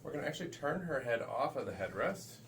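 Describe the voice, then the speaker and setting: A man who works as a massage therapist gives a casual hands-on demonstration in a massage room, tossing in loose, chatty asides. His voice sits at a medium pitch with big swings, moves at a quick pace, sounds a bit bright, and carries a little hiss or hum.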